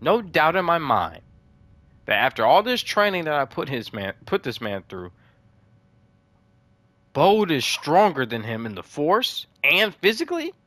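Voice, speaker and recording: Excitable young man narrating gameplay. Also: fairly high pitch, a little slow, pauses often, no room sound. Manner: excitable, swings between frustration and amazement. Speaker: gaming commentator. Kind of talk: live gameplay commentary.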